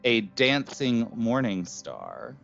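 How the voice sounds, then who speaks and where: Dm casting: easygoing man at mid pitch, dull lo-fi audio, faint music behind. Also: wildly swooping pitch, slow, vocal fry, a bit bright. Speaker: dungeon master. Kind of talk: running a tabletop game.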